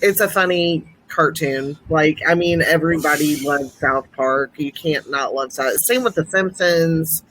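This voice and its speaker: A woman's voice: low-pitched, measured pace, hardly any pauses, a bit bright, a little hiss or hum, low-quality recording. A woman in her thirties co-hosting a podcast, chatting casually, teasing and laughing easily. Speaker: podcast co-host. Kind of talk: casual chat.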